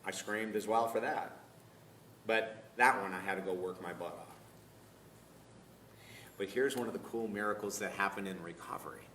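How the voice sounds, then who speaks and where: Male minister-teacher, animated storyteller, bright tone, roomy live recording with faint background noise. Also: on the low side, moderate pace, long pauses, far from the mic. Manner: animated, laughs often, acts out dialogue. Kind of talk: personal storytelling talk to a live group. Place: room filmed live.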